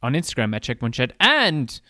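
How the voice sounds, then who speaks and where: A man's voice: medium pitch, fairly quick, no echo, studio quality. Casual, swearing gaming podcast man. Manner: relaxed, swears casually, trails off mid-sentence. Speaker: podcast co-host.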